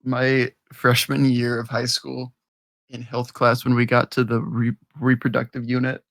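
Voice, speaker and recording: A man's voice: medium pitch, monotone, unhurried, vocal fry, a bit bright, dry recording. Young male podcast co-host, crude, rambling, dry close-mic sound. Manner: crude, laughing, rambling storyteller. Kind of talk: casual chat.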